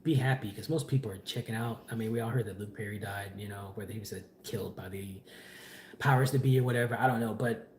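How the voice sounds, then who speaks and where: A man in his forties giving rambling, relaxed life advice in a casual vlog, with lots of fillers. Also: fairly low pitch, roomy sound, slight background noise. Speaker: vlogger. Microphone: phone camera.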